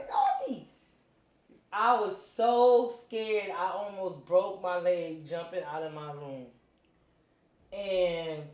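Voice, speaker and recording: A middle-aged woman hosting a livestream from her home, telling a story in a casual, animated way and acting out the quotes. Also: fairly low pitch. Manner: animated, acts out quotes, quick asides. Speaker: livestream host. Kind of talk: casual storytelling to a live chat. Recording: roomy echo.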